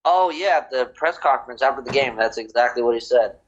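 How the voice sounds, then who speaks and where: A man's voice: medium pitch, a little fast, lo-fi sound, a little hiss or hum. A man co-hosting a casual sports podcast, joking and mocking as he talks. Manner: joking, mocking, acts out quotes. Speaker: podcast co-host.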